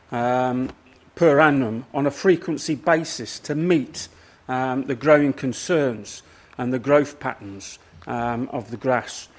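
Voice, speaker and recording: A man, a council portfolio holder, out of breath, answering questions at a council meeting in a halting way full of ums and restarts. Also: mid-range voice.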